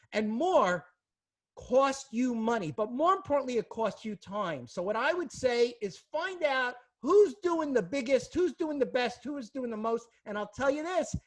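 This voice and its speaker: A woman hosting a live webinar Q&A as a practice coach, upbeat and salesy, talking over a video call. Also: on the high side.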